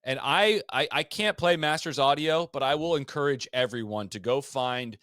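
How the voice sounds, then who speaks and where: A man on a podcast walking through old golf tournaments in a loose, animated way. His voice sits in a middle register, and he keeps stopping to restart his sentences. The sound is dry and close, with no room around it. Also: medium pitch, normal speed, no echo. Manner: animated storyteller, frequent fillers and restarts. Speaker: podcast co-host. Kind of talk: casual golf history chat.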